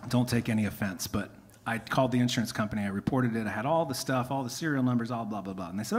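A man's voice: mid-range voice, fast, breathy edge. A man, a singer-songwriter whose voice is tired from singing, telling rambling, self-interrupting stories on stage between songs at a concert. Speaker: singer-songwriter performing live. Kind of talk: casual storytelling between songs. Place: music venue stage. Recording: live concert stream, long hall reverb.

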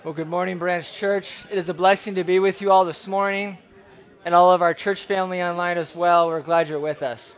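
Guy pastor giving a sermon, kinda high voice, chatty and upbeat with jokes on the side. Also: brisk, clear, resonant tone. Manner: conversational, lively preaching with asides.

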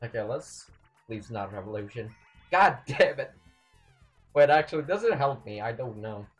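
A young man commentating his own gameplay, excitable, swinging between yelling and muttering at the game. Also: medium pitch, normal speed, faint music behind. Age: young adult. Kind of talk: let's play commentary.

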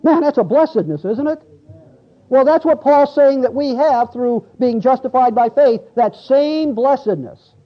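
A man with a very high voice preaches an expository sermon to his congregation, reading verses aloud and asking them questions as he goes. The church recording sounds dull and lo-fi, with little top end. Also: animated, measured pace. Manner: conversational, asks the congregation questions, reads scripture aloud. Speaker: pastor.

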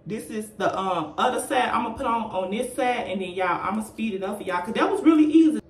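A woman's voice: medium pitch, animated, a little fast. Chatty woman vlogger in an echoey room. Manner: chatty, addresses viewers as y'all, laughs often. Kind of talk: casual makeup tutorial. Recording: echoey room, faint noise.

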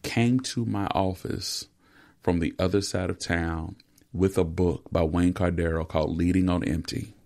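A man's voice: low-pitched, steady tone, a little slow, a little mellow. A middle-aged man and pastor, co-hosting a podcast, who talks in an earnest, encouraging way and often repeats words as he starts a thought. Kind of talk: casual pastoral conversation.

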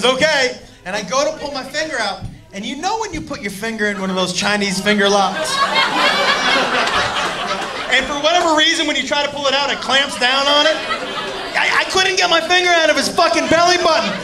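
A man telling a profane story in a stand-up set, shouting his punchlines. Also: very high voice, noisy background. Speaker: stand-up comedian. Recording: live club with loud crowd laughter.

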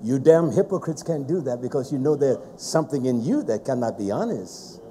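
Fiery, animated male preacher. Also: mid-range voice, a little fast, a little hiss or hum. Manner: forceful, scolding, emphatic. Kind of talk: fiery sermon.

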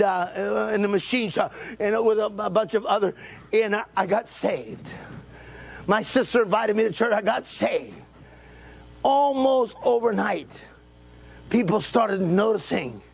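Old preacher man, late 70s, fired-up sermon, gravelly and breathy, shouts and repeats himself. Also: high voice. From Texas. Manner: fervent preaching, repeats phrases, often shouts. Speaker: pastor. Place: church sanctuary.

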